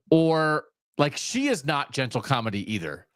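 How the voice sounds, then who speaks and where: A man's voice: medium pitch, very animated, a little slow, a bit bright, no echo, clean studio sound. A man co-hosting a podcast, chatting casually and enthusiastically, with hedging asides. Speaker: podcast co-host. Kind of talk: casual chat.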